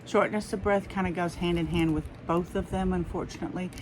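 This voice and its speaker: A woman's voice: lowish voice, steady tone, a little fast, noisy background. A middle-aged woman with a Southern US accent, chatting casually and rambling through a haul video for her viewers. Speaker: haul vlogger.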